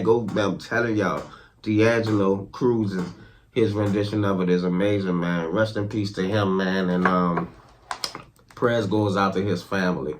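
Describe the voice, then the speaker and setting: A man's voice: fairly low pitch, a bit bright, a little hiss or hum. A man hosting a podcast, talking loosely in casual commentary. He rambles and keeps checking in with the listener. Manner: loose and slangy, with constant check-ins to the listener; rambling, with restarts. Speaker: podcast host.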